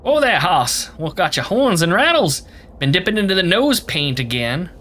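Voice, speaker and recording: Man putting on a gruff friendly old cowboy, western drawl, lively delivery. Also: high voice, moderate pace, slight background noise, voice pushed up, full character voice. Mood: folksy. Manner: western drawl with folksy slang.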